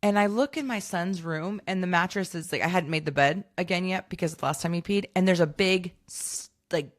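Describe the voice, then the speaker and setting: A woman's voice: fairly low pitch, brisk. A woman in her thirties co-hosting a podcast, telling rambling stories in a casual chat and laughing often. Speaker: podcast co-host.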